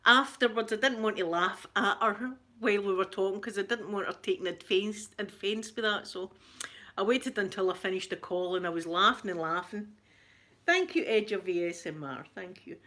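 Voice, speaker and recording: A middle-aged woman with a Scottish accent, hosting a casual live chat, chatty and quick to laugh, often repeating herself. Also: mid-range voice, sharp tone. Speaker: livestream host.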